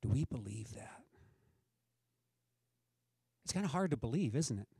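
A man's voice: medium pitch, big pitch swings, unhurried, vocal fry, warm tone, husky, dry recording. A middle-aged man preaching a sermon as a pastor, talking in a conversational way and asking the congregation questions.

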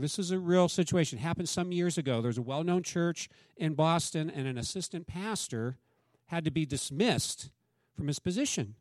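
Male pastor, higher register, conversational preaching style, dry sound. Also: darkish tone, dry recording. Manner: conversational preaching, acts out quoted dialogue. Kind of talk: sermon.

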